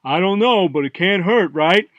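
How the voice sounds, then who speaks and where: A man's voice: high voice, animated, moderate pace, a bit bright, dry recording, muffled recording. A man doing a blunt, upbeat boat captain.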